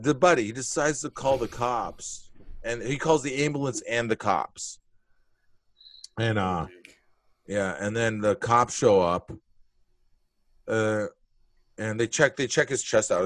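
A man's voice: lowish voice, no echo. A male comedian telling a wild story in casual, blunt talk, swearing freely and acting out the moments. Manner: animated, blunt, profane storytelling with acted-out moments. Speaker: comedian guest.

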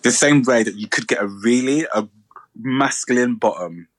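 A man's voice: mid-range voice, normal speed, no echo. Gossipy man, dry close sound. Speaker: podcast co-host. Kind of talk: casual chat.

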